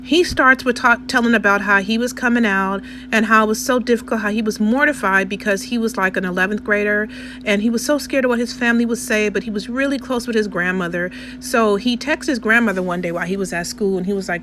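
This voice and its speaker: A woman's voice: fairly high pitch, fast, a bit bright, slight background noise. Chatty woman telling a story. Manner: chatty, checks in with listeners. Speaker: vlogger. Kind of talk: casual storytelling voiceover. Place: indoors, recorded separately from the restaurant footage.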